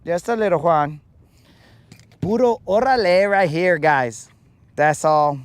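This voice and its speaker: A man's voice: a little high, slow pace, clean tone, dry recording. A man hosting a live fishing stream outdoors on a lake, playful and full of slang as he jokes with his chat. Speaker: fishing livestream host.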